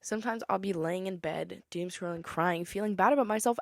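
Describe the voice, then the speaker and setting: A woman's voice: medium pitch, brisk, gravelly, no room sound, clean studio sound. A young woman, possibly a teenager, hosting a casual solo podcast, chatty and opinionated, sometimes breaking into song. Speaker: podcast host.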